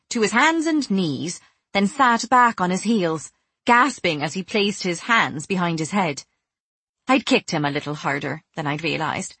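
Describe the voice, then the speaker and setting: A woman reads a first-person audiobook in a cool, measured delivery that turns quietly menacing in dialogue. Her voice sits a little low and has a husky grain. The recording is dry and close. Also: no echo. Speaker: audiobook narrator.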